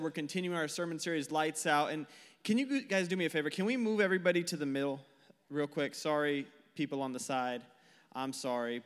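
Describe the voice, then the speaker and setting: A man's voice: fairly high pitch, clear, resonant tone. A man in his twenties giving a casual youth sermon on a stage mic, chatty and joking, full of fillers and questions to the crowd. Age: 20s. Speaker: youth pastor. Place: church hall, speaking to a live group. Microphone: handheld or stage mic. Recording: long hall reverb.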